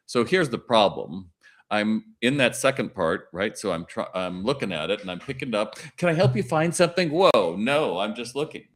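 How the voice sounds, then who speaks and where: Talking at a moderate pace in a lowish voice, a middle-aged retail consultant and keynote speaker appears on a podcast. He's a lively storyteller who voices the shop exchanges in his tales.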